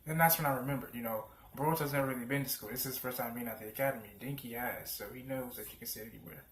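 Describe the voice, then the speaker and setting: A young man hosts casual reaction commentary in a relaxed, slang-heavy way, chuckling now and then. His voice sits in the middle range. The room around him is echoey, with a faint hum underneath. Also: medium pitch, very fast. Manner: slangy, laid-back, chuckles often. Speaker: anime reaction channel host. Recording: roomy echo, faint hum.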